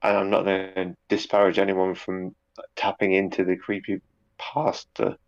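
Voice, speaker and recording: A man's voice: sits low, little pitch movement, measured pace, creaky, lo-fi sound. A man chatting casually in an interview, rambling a little with repeated words and fillers. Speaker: guest, YouTube narrator.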